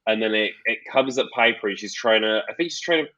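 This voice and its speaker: A man's voice: on the low side, fast talker, lo-fi sound. A man co-hosting a podcast, chatting casually as he recaps a book and acts out the characters' quotes. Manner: animated storytelling, acts out quotes. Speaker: podcast co-host.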